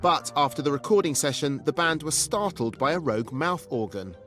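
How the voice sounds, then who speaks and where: A man's voice: on the high side, lively intonation, brisk. A man narrating a pop documentary in a wry, playful scripted voice. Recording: loud music bed under voice-over.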